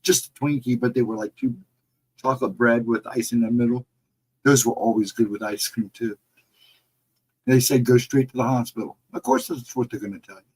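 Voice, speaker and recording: A middle-aged man talks to viewers on a casual livestream, reading the chat as it scrolls by and answering each one. His tone is relaxed and reassuring. His voice sits at an ordinary pitch with a husky edge. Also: moderate pace, long pauses, low-quality recording. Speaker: livestream host.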